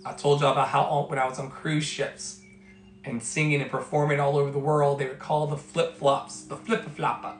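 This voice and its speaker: A man's voice: a little high, little pitch movement, moderate pace. A man giving an emphatic motivational talk as a life coach, repeating his phrases like a preacher. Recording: echoey room with faint music.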